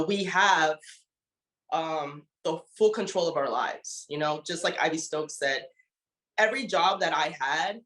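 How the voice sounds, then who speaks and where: A woman's voice: on the low side, a bit bright, roomy sound. A woman giving a heartfelt, motivational testimony as a network marketing leader, emotional and leaning often on "you know.".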